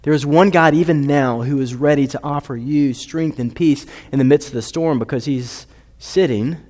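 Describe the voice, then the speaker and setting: A man's voice: on the high side, normal speed. Earnest male preacher in a reverberant hall. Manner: earnest, building to emphatic peaks then dropping soft. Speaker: pastor. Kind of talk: sermon.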